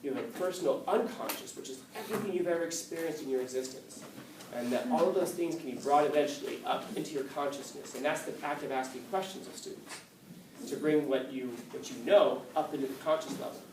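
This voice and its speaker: A male teacher with a fairly high voice gives an animated classroom lecture, acting out quoted lines and often restarting mid-sentence. He sounds far from the mic in an echoey room, with a faint room hum underneath. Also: quick pace. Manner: animated storytelling, acts out quotes, frequent restarts.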